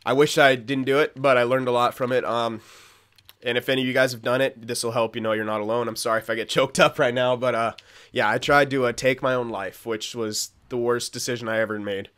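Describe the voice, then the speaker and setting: Young male gaming host, bright voice, frank and rambling, self-mocking laugh. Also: medium pitch, fairly even intonation, fairly quick, clean tone. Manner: candid, rambling, swears often, laughs at himself. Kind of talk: casual gameplay commentary.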